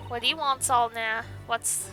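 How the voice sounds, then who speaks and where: A woman's voice: fairly high pitch, fairly even intonation, measured pace, bright, forceful tone, soft background music. A woman doing a brash street girl. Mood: defiant. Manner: sneering, scoffing. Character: brash young cockney woman pickpocket, defiant. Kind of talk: game dialogue read aloud.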